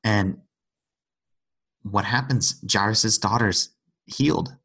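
A man's voice: fairly low pitch, slow, a bit bright, husky. A man in an earnest conversational Bible discussion, retelling scripture stories and acting out the quotes.

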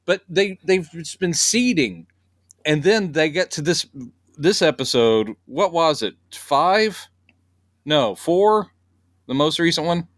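A man's voice: fairly high pitch, animated, slow, fairly bright tone, no room sound, clean studio sound. A man co-hosting a podcast, chatting casually and animatedly, acting out quotes and swearing now and then. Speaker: podcast co-host. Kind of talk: casual chat.

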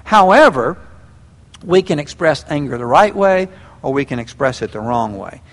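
A man preaching a sermon, folksy and animated, acting out little scenes. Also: a little high, normal speed. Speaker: pastor. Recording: long hall reverb.

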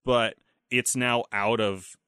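Bright, dry-sounding man chatting about films. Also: mid-range voice, smooth, dry recording. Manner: animated, acts out movie lines in quick voices. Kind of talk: casual film discussion podcast.

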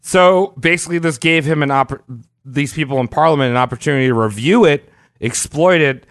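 A man's voice: fairly high pitch, fairly quick, no room sound, studio quality. Man casually explaining history. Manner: explains at length, crude jokes, laughs often. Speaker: podcast co-host explaining history. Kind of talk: casual comedic history chat.

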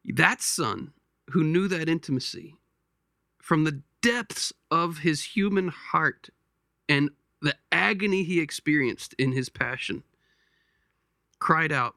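A man hosting a podcast, giving a slow pastoral reflection, gentle and halting, often repeating words as he searches for them. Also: a little high, expressive, gravelly, no room sound, clean studio sound. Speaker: podcast host.

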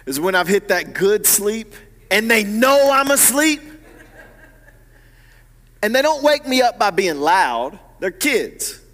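Pastor, male, high voice, animated sermon delivery with hushed-to-loud swings. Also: slow, long pauses, big-room sound.

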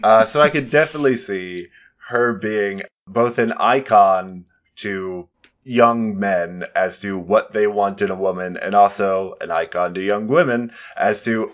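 Low-voiced man in rambling, joking film chat. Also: a little slow. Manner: joking, rambling, self-mocking. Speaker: podcast co-host. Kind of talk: casual chat.

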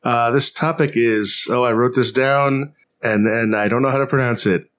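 A man co-hosting a podcast in casual chat, dry and deadpan, with halting restarts. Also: mid-range voice. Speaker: podcast co-host.

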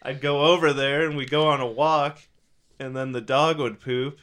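A man's voice: medium pitch, steady tone, normal speed, a bit bright, a little hiss or hum. A man telling stories in casual chat, laughing often and saying "like" a lot. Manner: laughing storyteller, lots of "like".

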